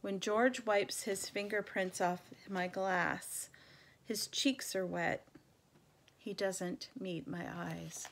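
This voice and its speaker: Woman reading a kids' novel aloud, measured and gentle, slow, mid pitch. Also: fairly even intonation. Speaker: reader.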